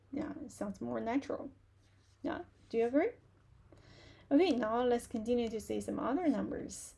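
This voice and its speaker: Chinese woman teacher for a beginner class; slow, repetitive explaining, husky and fairly high. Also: dark tone. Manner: slow, patient explaining with many fillers and repetitions. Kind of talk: live online language lesson.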